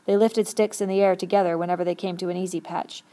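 A woman reading a novel aloud with steady, expressive storytelling. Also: fairly low pitch, quick pace. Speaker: audiobook reader.

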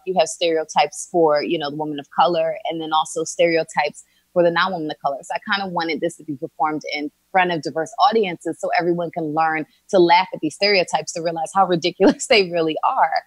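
An actress and writer from Philadelphia, USA, speaks earnestly in an interview conversation, thinking aloud as she goes. Her voice is fairly low-pitched, with no room sound.

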